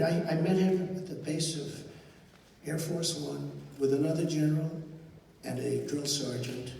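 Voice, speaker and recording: An older man holds forth at a rally and wanders from one aside to the next. He acts out the dialogue of the people in his story. His voice sits a bit high and comes from far off, echoing through a big hall. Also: steady tone, moderate pace, vocal fry, darkish tone. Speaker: political speaker at a rally. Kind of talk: rambling campaign speech anecdote. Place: large indoor event hall. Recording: echoey hall, voice from afar.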